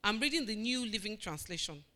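A woman's voice: medium pitch, lively intonation, a little fast, bright, forceful tone. A woman preaching a sermon, emphatic and repetitive, asking the congregation questions and answering them. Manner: emphatic, repeating phrases with call-and-response.

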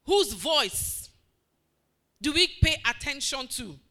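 A woman preaches a sermon in a high, bright, forceful voice with big pitch swings, taking her time. She is emphatic and repetitive, putting questions to the congregation and answering them herself in call-and-response fashion.

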